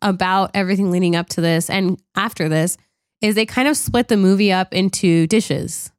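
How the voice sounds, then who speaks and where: A woman's voice: mid-range voice, normal speed, no room sound, clean studio sound. A young woman chatting casually about a film, laughing often and acting out lines. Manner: chatty, laughs often, acts out quotes with a swear. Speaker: podcast co-host. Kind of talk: casual chat reviewing a film.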